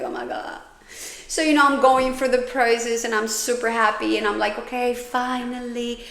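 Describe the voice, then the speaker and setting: A woman hosts a personal storytelling podcast, speaking candidly and rambling, with lots of fillers and swearing. Her voice is on the high side and expressive, with a moderate pace and a fairly bright tone, and the recording has a roomy echo.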